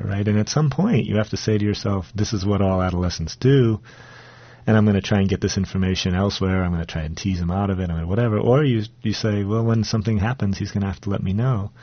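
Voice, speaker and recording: Low husky-voiced male author reading. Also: steady tone, fast talker, no room sound. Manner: wry, self-deprecating, thoughtful. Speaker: author guest. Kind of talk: reading his fiction aloud and discussing it. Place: radio studio. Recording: dull, dry radio studio sound.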